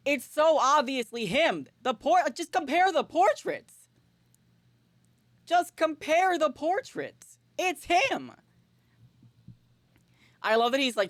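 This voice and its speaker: A woman streamer giving casual, excitable and jokey commentary on a game, swearing often, on a close mic. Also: mid-range voice, smooth, no room sound.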